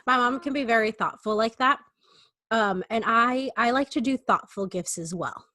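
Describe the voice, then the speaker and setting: A woman's voice: on the high side, moderate pace, pushed and bright, no room sound. A young woman co-hosting a podcast, chatting casually and telling stories in a playful, teasing way with fillers. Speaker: podcast co-host. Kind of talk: casual chat.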